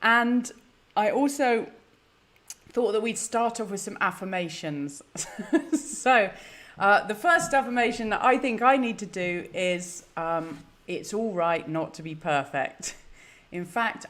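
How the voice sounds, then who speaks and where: A woman's voice: lowish voice, fairly bright tone. A woman hosting a live stream, chatty, flustered and self-deprecating. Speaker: host. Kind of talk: casual live-stream chat.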